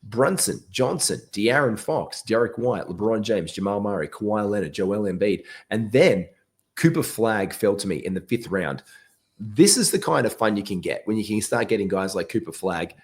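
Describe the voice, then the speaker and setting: Lively low-voiced man chatting. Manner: animated, quick asides and restarts. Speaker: podcast host. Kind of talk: casual fantasy sports chat.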